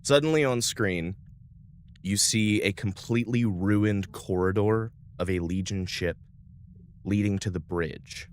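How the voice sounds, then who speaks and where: A man's voice: lowish voice, measured pace, a little hiss or hum. A man narrating as game master in a tabletop space game, casual with fillers.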